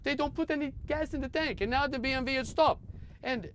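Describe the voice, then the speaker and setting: Guy doing a boastful tiny bike racer, broken english, way high voice, cusses a lot. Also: brisk. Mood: exasperated. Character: short cocky male desert motorcycle racer.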